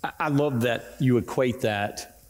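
A man's voice: medium pitch, unhurried, long reverb tail. Preacherly male talk show host. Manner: preacherly and encouraging. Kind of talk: Christian talk show hosting.

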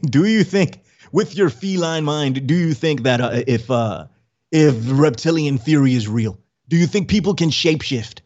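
A man's voice: fairly high pitch, lively intonation, unhurried, highs cut off. A man hosting a casual livestream podcast, rambling and repeating words as he greets the chat. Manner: rambling, repeats words, friendly shout-outs. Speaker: podcast host.

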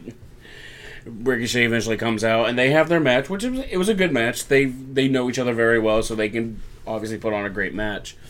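A man's voice: mid-range voice, a little fast, a bit bright. Casual man recapping wrestling with mock quotes. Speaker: podcast co-host recapping wrestling. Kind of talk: casual chat.

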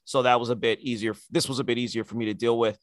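An opinionated male co-host in casual talk, animated and sarcastic as he argues his point. The sound is dry and close. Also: medium pitch, quick pace, no echo. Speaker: podcast co-host. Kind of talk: casual wrestling chat.

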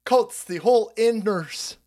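A man's voice: high voice, a little slow, darkish tone. A man hosting a livestream, ranting in a sarcastic, profane, rambling way and often laughing between lines. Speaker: livestream host. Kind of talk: livestream rant.

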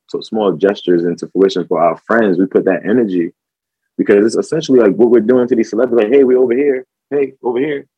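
A man's voice: low voice, breathy edge, no echo, muffled recording. A man talking as a podcast guest about his filmmaking, reflective and full of fillers and restarts. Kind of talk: casual conversation.

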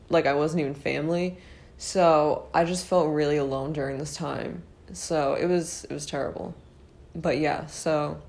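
A woman's voice: sits low, a little mellow. A young woman with a fading voice telling a personal story to her viewers in a rambling, chatty way, full of fillers and asides. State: losing her voice. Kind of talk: casual storytime monologue.

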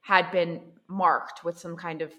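A woman's voice: on the low side, flat delivery, a little slow, fairly bright tone. A woman playing a tabletop game who speaks eagerly and tries to soothe others. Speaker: player. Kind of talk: tabletop role-play.

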